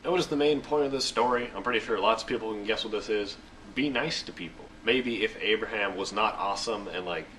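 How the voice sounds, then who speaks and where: A young man hosts a casual scripture show, reading the passage and then explaining it in goofy, slangy asides. His voice is on the low side. The mic is set a bit far off, and a faint hiss sits underneath. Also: fairly bright tone. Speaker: show host. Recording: faint noise, distant mic.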